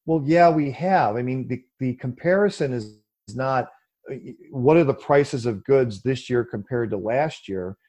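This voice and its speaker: Mellow-voiced man explaining in an interview. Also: normal speed. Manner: animated, mocking quoted voices with a raised pitch, many fillers. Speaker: guest explaining economics. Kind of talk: conversational interview answer.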